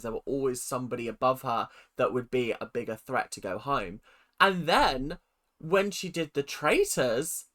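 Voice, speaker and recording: A man hosting a reaction video, talking in an animated, effusive way and acting out his own quoted reactions. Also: mid-range voice. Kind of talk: casual reaction commentary.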